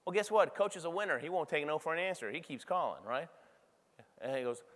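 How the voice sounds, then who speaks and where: A middle-aged man giving a motivational keynote speech, energetic and conversational, often checking in with the audience. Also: on the high side, fast. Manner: energetic, conversational, frequent tag questions to the crowd. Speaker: keynote speaker. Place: large convention hall. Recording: reverberant convention hall sound.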